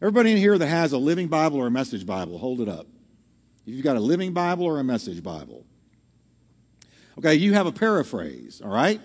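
Lively male pastor in a reverberant hall. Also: mid-range voice, fast, slightly rough. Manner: animated, asks the audience questions. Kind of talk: sermon teaching to a congregation. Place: church hall with live audience.

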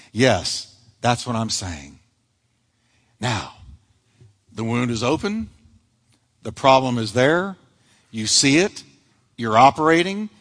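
Man preaching in a reverberant hall. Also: a little high. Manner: animated preaching, acts out quoted lines. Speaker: pastor. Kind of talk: sermon.

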